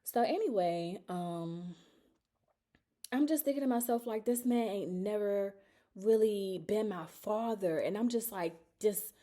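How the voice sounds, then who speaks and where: A woman's voice: mid-range voice, measured pace, warm tone. A woman, telling a personal story in a candid, emotional, rambling way on her vlog. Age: 30s. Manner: emotional, confessional, rambling with many fillers. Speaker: vlogger.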